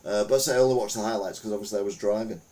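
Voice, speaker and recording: A man's voice: lowish voice, rapid-fire, dark tone. A man hosting a podcast, chatting casually through the news with rambling, wry, self-mocking jokes. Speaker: podcast host.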